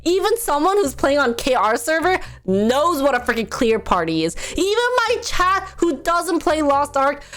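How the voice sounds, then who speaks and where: Animated young woman streamer. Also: sits high, normal speed, hardly any pauses. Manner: animated ranting, laughs often, imitates others. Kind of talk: casual stream chat.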